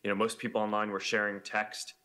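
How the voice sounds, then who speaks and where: A man in his thirties, a guest in an interview, talking fast with many "you know"s and restarts. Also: on the low side, flat delivery, bright, forceful tone. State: has the hiccups. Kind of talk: casual chat.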